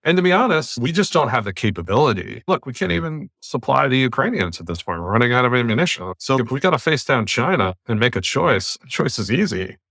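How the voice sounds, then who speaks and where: A man's voice: medium pitch, sing-song, quick pace, vocal fry, hardly any pauses, a bit bright, no echo, studio quality. An American man hosting a podcast, speaking bluntly and emphatically in long runs of argument over a remote call. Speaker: podcast host. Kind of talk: opinionated casual podcast talk.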